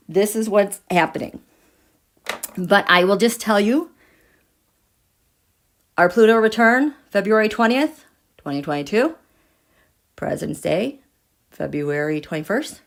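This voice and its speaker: A woman hosting a live tarot and astrology stream, gushing with excitement, sometimes dropping to a breathy whisper and chatting with her viewers. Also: medium pitch. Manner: checks in with viewers and reads their comments. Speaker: tarot and astrology livestream host.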